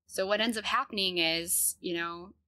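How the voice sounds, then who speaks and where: A woman in her thirties telling a personal story in an earnest, halting way, with many fillers and restarts. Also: mid-range voice, bright, forceful tone, dry recording.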